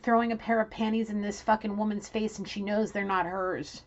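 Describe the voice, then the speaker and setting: A woman's voice: mid-range voice, fairly quick, muffled recording. Blunt, foul-mouthed woman reading tarot. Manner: blunt and profane; animated, scolding. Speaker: tarot reader.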